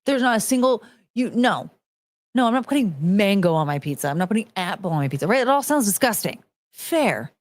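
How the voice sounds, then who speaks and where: In a dry recording, a mid-range female voice moves a little fast. She's a streamer in her thirties reading chat on a casual show, replying bluntly with a bit of profanity, plenty of animation, and mocking voices for quoted lines.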